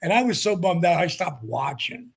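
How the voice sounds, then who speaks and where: A man in his sixties, a retired wrestler being interviewed, telling animated stories. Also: a little high, moderate pace, gravelly, slightly rough. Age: 60s. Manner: animated anecdotes, acts out quotes. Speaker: guest, retired pro wrestler. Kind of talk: storytelling interview.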